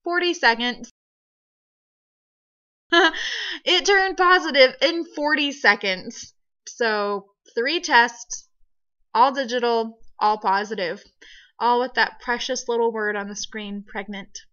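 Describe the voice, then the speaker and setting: A young woman telling a personal story in a casual vlog, animated and laughing often. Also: fairly high pitch, slow, pauses often. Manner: giggly, animated, frequent laughs. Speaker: vlogger. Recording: dull lo-fi home video audio.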